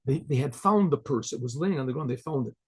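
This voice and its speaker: A man's voice: medium pitch, expressive, fast, breathy edge. A male rabbi telling a folk story in a loose, conversational way, restarting his sentences often.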